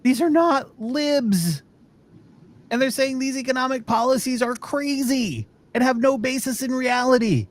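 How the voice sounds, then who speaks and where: A man's voice: extremely high pitch, measured pace. A man hosting a podcast, ranting in a profane, exasperated way during casual chat. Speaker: podcast host.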